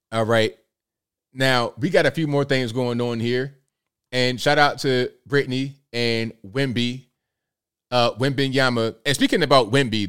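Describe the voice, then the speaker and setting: Smooth-voiced man hosting a live stream. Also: medium pitch, fairly bright tone. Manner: folksy slang, talks to viewers directly. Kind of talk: casual commentary live stream.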